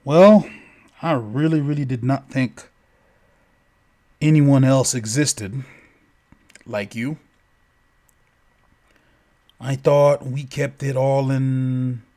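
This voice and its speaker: A man voicing a calm, powerful rich man who talks quietly and unbothered, in a told story. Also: mid-range voice, drawn-out words, pauses often, voice pushed down.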